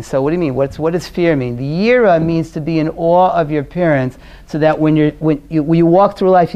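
Speaking from Brooklyn, New York roots, a man leads a parenting class that mixes lecture with stories in a casual, conversational way. He's sincere and regularly lets his voice fall quiet and low.

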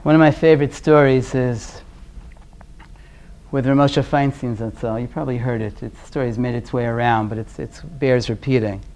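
A man from Brooklyn, New York, giving a conversational class on parenting. He is earnest and often drops to a quiet, low voice as he tells stories. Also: fairly even intonation, normal speed. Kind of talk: conversational lecture with storytelling.

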